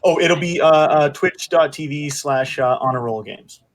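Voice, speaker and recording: A man's voice: fairly high pitch, moderate pace. A man chatting casually as a tabletop game player, laid-back and plain-spoken. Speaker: player, next game master. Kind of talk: casual chat.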